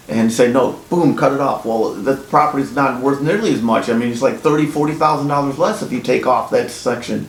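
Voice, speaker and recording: A man who flips houses, telling his own story in a blunt, casual, profane way and getting animated when he quotes himself. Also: fairly quick, hardly any pauses. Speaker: house flipper. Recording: echoey room with faint rumble.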